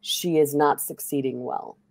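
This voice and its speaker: Woman host, deep and dry, rambling storyteller. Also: steady tone, measured pace, a little mellow, no room sound. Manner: chatty, rambling storytelling with fillers. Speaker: streamer host. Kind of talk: casual chat while playing a game.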